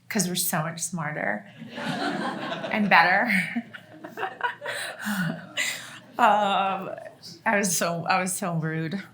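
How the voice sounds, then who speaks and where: A middle-aged woman tells family stories casually to a listening room. Her voice is bright and clear, and she laughs often and restarts her sentences. Her tone stays chatty and relaxed throughout. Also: lowish voice. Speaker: author and guest speaker. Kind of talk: casual storytelling to an audience.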